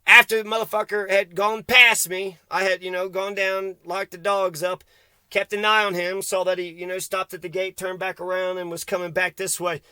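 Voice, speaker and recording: A man's voice: high-pitched, little pitch movement, normal speed, pushed and bright, clean tone, no room sound. A man ranting angrily to camera outdoors, swearing constantly and rambling as he vents. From Kentucky. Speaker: vlogger. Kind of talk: angry profane rant to camera.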